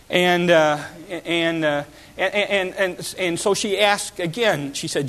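An earnest male preacher delivers a sermon, his voice sitting a little high for a man. He talks emphatically and keeps repeating and restarting his words as he pushes each point. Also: takes it slowly, a bit bright.

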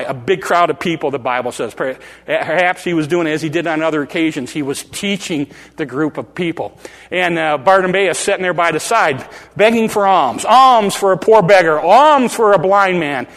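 An older man preaching a sermon, dramatic and animated, acting out voices from the story. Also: sits high, long reverb tail. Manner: dramatic, acts out the crowd and beggar in rising calls.

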